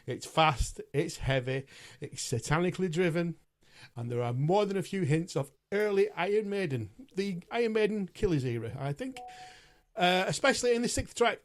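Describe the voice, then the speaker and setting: A man hosting a podcast in casual chat, with a fairly high voice. He is chatty and laughs at himself, and swears freely as he reviews albums. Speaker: podcast host.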